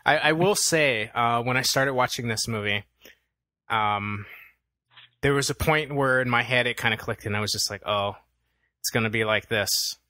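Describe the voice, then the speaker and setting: A young man with a bright, forceful voice in an easygoing movie chat, pausing often on "um" as he works through his thoughts. His mid-range voice sounds close and dry, with no room around it. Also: medium pitch, dry recording. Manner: easygoing, thinks aloud with many "um"s. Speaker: podcast co-host. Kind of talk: casual film review chat.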